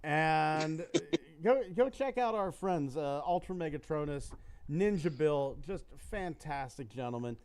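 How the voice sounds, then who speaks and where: Animated rambling podcast host man. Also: a little high, takes it slowly, clear, resonant tone. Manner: rambling, animated, trailing off and restarting. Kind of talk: casual chat.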